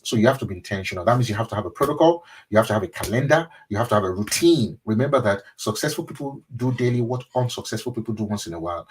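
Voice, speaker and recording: A man who is a pastor, giving a motivational webinar talk in an earnest, repetitive way that often drops to a soft, intimate tone. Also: fairly low pitch, breathy edge, low-quality recording. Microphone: webinar microphone.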